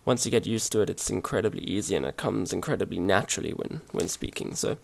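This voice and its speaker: A man explaining grammar over his slides in a relaxed, hesitant way, with many fillers and restarts. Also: sits low, quick pace, creaky, slight background noise. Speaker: language teacher. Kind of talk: casual slide-based language lesson.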